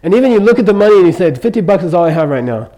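A man's voice: sits high, sing-song, rapid-fire, mellow, low-quality recording. An older man giving an informal Buddhist teaching in a chatty, joking way, constantly checking in with his listeners. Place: teaching room in Kathmandu.

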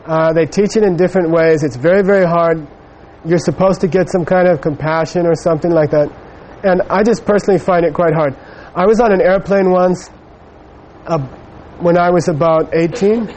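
A man's voice: sits high, normal speed, a little mellow, slight background noise, low-quality recording. A middle-aged man giving a Buddhist teaching, telling a personal story in a rambling way with many fillers. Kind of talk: dharma talk with personal anecdote.

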